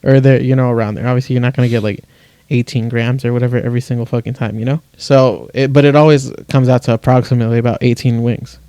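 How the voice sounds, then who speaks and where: Profane ranting young man, mellow voice. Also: mid-range voice, fairly even intonation, fast talker, clear, resonant tone, no echo. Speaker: podcast co-host. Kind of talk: casual chat.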